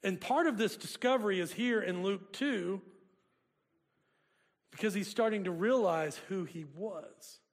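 A man's voice: high-pitched, unhurried. A man preaching a sermon, joking and chatting with the congregation in a conversational way. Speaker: pastor. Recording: long hall reverb.

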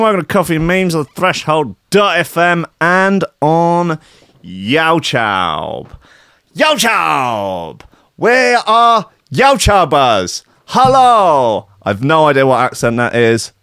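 A man's voice: mid-range voice, a bit bright, smooth, dry recording, studio quality. A man hosting a casual chat show, sarcastic and chatty, laughing often. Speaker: radio show host.

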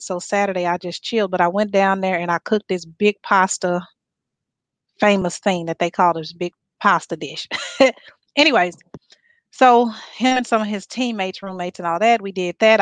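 A woman's voice: mid-range voice, fairly bright tone, no room sound. A woman in her forties from Texas, telling a personal story in casual chat as a guest, laughing often.

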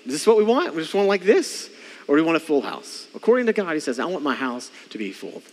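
A man's voice: fairly high pitch, very animated, fast talker, in a large hall. A man preaching a sermon as pastor, emphatic and leading the congregation in call-and-response. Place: church sanctuary.

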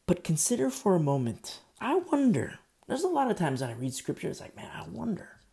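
A man preaching a sermon as pastor, conversational, swinging between loud emphasis and quiet asides. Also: high-pitched, huge pitch swings, a little fast, gravelly.

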